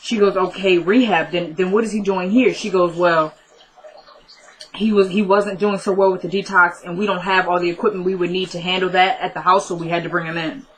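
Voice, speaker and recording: A woman's voice: on the low side, steady tone, fairly quick, poor audio. A woman casually recapping a TV drama episode, chatty and retelling scenes by quoting the characters.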